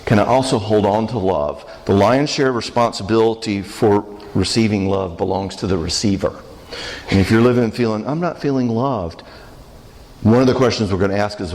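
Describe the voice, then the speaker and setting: A man's voice: lowish voice, fairly quick, a little mellow. A man giving a church marriage conference talk, conversational and joking, often asking the audience questions. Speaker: conference speaker. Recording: reverberant church hall.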